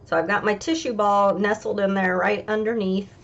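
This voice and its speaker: A woman's voice: medium pitch, fairly even intonation, moderate pace, gravelly, muffled recording. A woman hosting a craft tutorial, chatting casually as she talks through each step.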